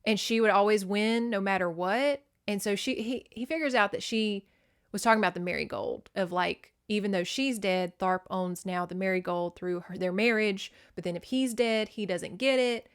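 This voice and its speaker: A woman's voice: mid-range voice, normal speed, smooth. A woman hosting a podcast, casually recapping a novel in a chatty, profane way with lots of "like" fillers. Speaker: podcast host.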